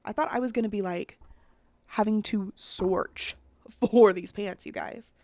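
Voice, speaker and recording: A woman's voice: medium pitch, a little slow, a little mellow, no echo. A woman giving casual, chatty commentary as she builds characters in a life-sim game, thinking aloud and often talking straight to her viewers. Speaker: Sims content creator.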